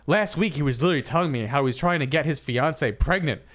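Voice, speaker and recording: Animated man reading and debating. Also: fairly high pitch, fast. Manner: animated, argumentative, playful. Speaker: podcast co-host. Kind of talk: comedic podcast chat, reading listener posts aloud.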